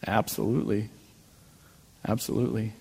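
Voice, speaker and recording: A man preaching a sermon as pastor, telling personal stories with animated delivery and self-mocking jokes. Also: lowish voice, normal speed, vocal fry, slightly rough. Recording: long reverb of a large hall.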